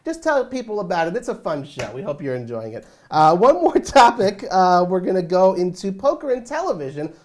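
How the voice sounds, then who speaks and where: A woman with a fairly low voice co-hosting a poker news show. She talks casually and animatedly, stacking up fillers and tag questions as she riffs. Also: fairly quick, hardly any pauses. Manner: animated, chatty, lots of fillers. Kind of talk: casual chat.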